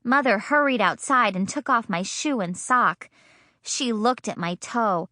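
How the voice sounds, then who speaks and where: A woman's voice: medium pitch, measured pace, bright, forceful tone, no room sound. A woman reading a children's audiobook in a bubbly, childlike first-person voice, in a studio. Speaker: audiobook narrator.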